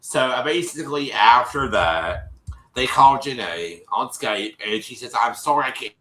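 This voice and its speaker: A man's voice: mid-range voice, expressive, a little slow, pushed and bright, echoey room, a little hiss or hum, rough recording. A man casually recapping a show for his livestream viewers, rambling with lots of repeats and restarts. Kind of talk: casual chat. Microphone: streaming mic.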